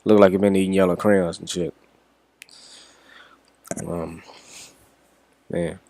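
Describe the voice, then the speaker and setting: A man's voice: low-pitched, little pitch movement, slow pace, mellow. A young man from Washington, D.C., telling a story in a casual, rambling way with plenty of swearing. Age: young adult. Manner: rambling, profane, laid-back. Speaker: reaction vlogger.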